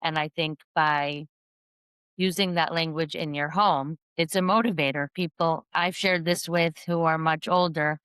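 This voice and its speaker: A woman guest on a podcast, a parent coach and kindergarten teacher, explaining her views in an earnest, measured way. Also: sits low, fairly even intonation, fairly bright tone, smooth, no room sound. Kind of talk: podcast interview.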